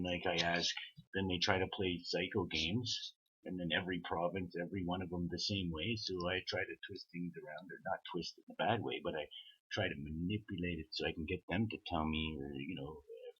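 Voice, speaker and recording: A lower-pitched man from Canada talks in a long rambling, profane monologue and slips into the voices of the people he quotes. His voice is husky but bright and pushing. The audio is dull and lo-fi. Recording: dull lo-fi sound.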